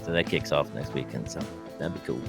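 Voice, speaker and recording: A man co-hosting a radio hobby podcast, reading event news in a halting way with many ums and uhs. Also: rumbling low, gravelly, over music. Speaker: co-host. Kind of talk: casual ham radio chat.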